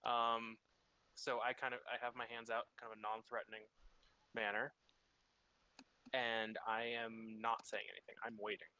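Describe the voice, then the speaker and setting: Tabletop player guy, bright voice, talks slow and careful, kinda wry. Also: mid-range voice, completely flat delivery, rough recording. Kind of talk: casual tabletop chat.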